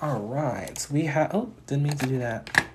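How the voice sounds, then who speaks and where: A man's voice: mid-range voice, a little slow, noisy background. A man hosting a live stream, giving casual astrology readings in a chatty way, often laughing and reeling off chart placements.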